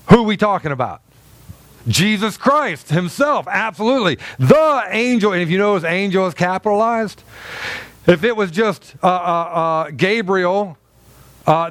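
A man's voice: high voice, lively intonation, unhurried, no echo. A male pastor preaching a sermon to a congregation, emphatic, with many fillers and restarts, in a church.

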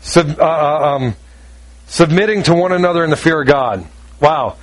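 Speaking at a normal speed on a rough recording, a middle-aged pastor with an unusually high voice for a man gives a sermon. His style is homespun and joking, and he performs bits of conversation for his listeners.

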